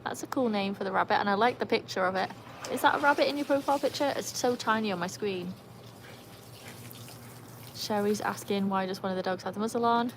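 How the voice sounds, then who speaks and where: Speaking a bit fast in a mid-range voice with vocal fry, a British woman runs a laid-back livestream by an outdoor pool. She chats, reads comments aloud, and coaxes her dogs against a noisy background of splashing and barking dogs.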